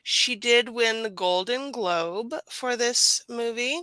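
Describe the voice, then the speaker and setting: Lady hosting a movie chat, drawn-out slow talk, sharp bright voice. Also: fairly high pitch, smooth, no room sound, rough recording. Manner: chatty, swears, trails off with fillers. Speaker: host. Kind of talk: casual movie review chat.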